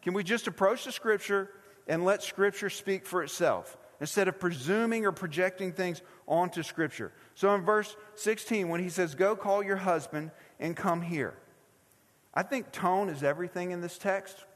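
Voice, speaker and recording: A man's voice: high voice, normal speed. A middle-aged man preaching a sermon, casual and conversational, asking his congregation many questions. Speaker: pastor. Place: church sanctuary. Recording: long hall reverb.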